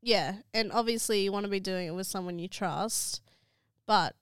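A woman's voice: medium pitch, normal speed, clear, resonant tone, no room sound, clean studio sound. A young woman co-hosting a podcast, chatting casually and rambling with frequent laughter. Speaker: podcast co-host. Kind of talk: casual chat.

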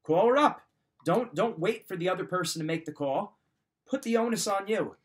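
A podcast host with a slightly raised pitch and lively intonation gives a motivational talk full of life advice at a normal speed. He addresses the listener directly like a coach, driving the same key points home again and again.

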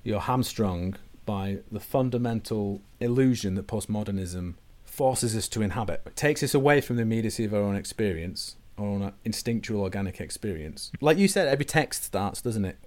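A man, hosting a conversation and explaining ideas in a measured way, often dropping low and quiet at the ends of phrases. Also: expressive. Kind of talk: conversational discussion.

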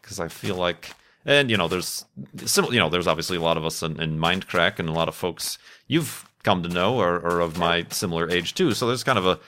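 A man's voice: low voice, brisk, sharp tone, slight background noise. A man in his thirties chatting casually over gameplay, rambling and self-deprecating, laughing often between thoughts. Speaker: gaming YouTuber.

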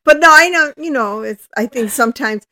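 A woman over sixty co-hosting a podcast, talking in casual chat in a calm, reasoning, gently contrarian manner. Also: high voice, brisk. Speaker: podcast co-host. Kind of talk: casual movie recap chat.

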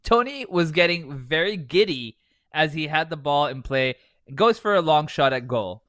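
A man's voice: a little high, animated, moderate pace, fairly bright tone, no room sound, clean studio sound. A man co-hosting a podcast, chatting casually and reading aloud while laughing through his lines and swearing. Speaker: podcast co-host.

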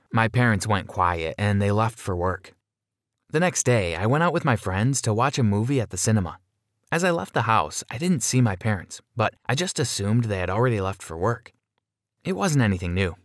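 A man's voice: lowish voice, fairly bright tone, no room sound, clean studio sound. A man giving scripted first-person narration of a dramatic story in an earnest, dramatic storytelling manner.

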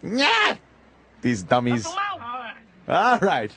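A slightly high-voiced man talks fast and loose, swearing and laughing as he reacts to a film. A loud crowd murmurs behind him throughout. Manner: profane, excitable, laughing often. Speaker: podcast co-host. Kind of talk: casual chat watching a movie.

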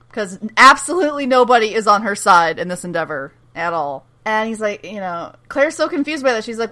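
A woman co-host with a bright, forceful, mid-range voice talks fairly quickly with few pauses in a casual chat. She recaps a show animatedly, quoting dialogue and often laughing.

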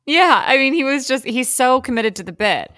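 A young adult woman co-hosting a podcast, chatting casually with lots of fillers and quick impressions of people. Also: sits high, animated, pushed and bright, dry recording, clean studio sound. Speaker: podcast co-host. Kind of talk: casual chat.

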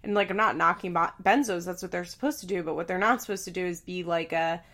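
A woman's voice: on the low side, quick pace, fairly bright tone. A woman hosting a podcast, recapping in casual, chatty talk with profanity and sarcastic asides. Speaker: podcast host.

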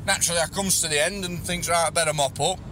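A man tells a crude, meandering story in a recorded voice message, his voice sitting a little high. Traffic and street noise run clearly under the phone recording. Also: fairly even intonation, fast talker, pushed and bright. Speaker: caller.

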